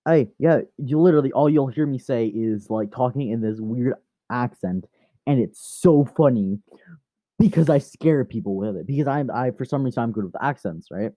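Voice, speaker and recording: A man's voice: mid-range voice, lively intonation, normal speed, warm tone, no room sound. Rambling man telling a fan story. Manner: rambling, self-correcting, chatty.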